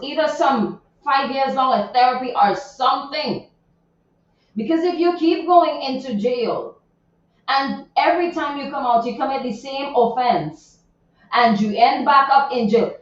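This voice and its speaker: A woman radio host talks through a viral story, chatty and indignant, full of asides and repeats. Her voice sits a little high. She is heard from a distance in a very echoey space, with a dull, muffled sound. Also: expressive, measured pace. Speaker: radio morning show host. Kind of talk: casual chat reading social media news. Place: radio studio.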